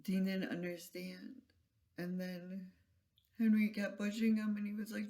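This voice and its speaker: A vlogger retelling a story in a soft, halting, emotional way, with trailing phrases and whispered asides. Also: medium pitch, completely flat delivery. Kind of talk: casual spoken vlog retelling.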